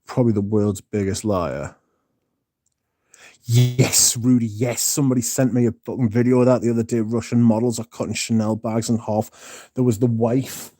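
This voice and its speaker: A man's voice: medium pitch, steady tone, normal speed, warm tone, dry recording, studio quality. A man hosting a livestream, chatting casually with viewers in a blunt, sweary, rambling way. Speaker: livestream host reading viewer chat.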